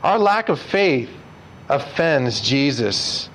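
A man's voice: mid-range voice, very animated, slow pace, fairly bright tone, slight background noise, poor audio. A man preaching a conversational sermon as pastor, earnest and putting direct questions to his congregation.

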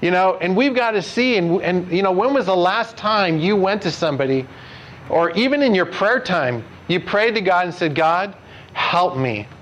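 A pastor with a notably high voice for a man gives a conversational sermon. He talks earnestly and keeps turning to his listeners with direct questions. A faint hum of noise sits under his voice. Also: expressive, normal speed, fairly bright tone, dull audio.

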